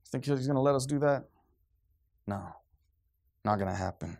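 A man preaching a sermon to his congregation, swinging from quiet, low remarks to loud, high outbursts. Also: a little fast, long pauses. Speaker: pastor.

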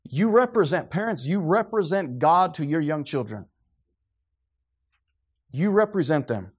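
A middle-aged man preaches with fervent, preachy conviction. His voice sits somewhat high for a man, and he now and then loses his train of thought. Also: very animated, unhurried, breathy edge. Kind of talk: sermon.

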